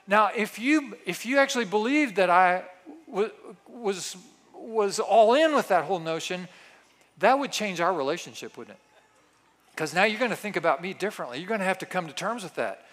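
Middle-aged male pastor, higher voice, lively sermon delivery that acts out quoted lines.

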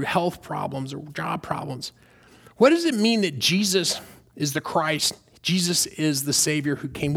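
A man's voice: fairly high pitch, fairly bright tone. A man preaching a sermon, earnest and questioning, with fillers and restarts. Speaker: pastor.

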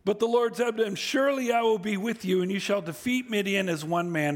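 A man preaching a sermon, reading scripture aloud and acting out the speakers, moving from low, quiet reading to loud, high emphasis. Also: fairly quick, hardly any pauses. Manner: acts out voices in scripture and paraphrase.

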